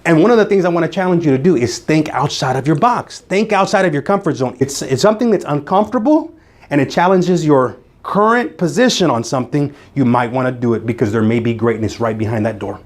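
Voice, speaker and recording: Male motivational speaker, slightly high voice, emphatic, repeats lines for punch, addressing a room. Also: lively intonation, brisk. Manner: emphatic, repeats phrases for effect. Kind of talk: motivational speech to a live audience. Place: meeting room with an audience.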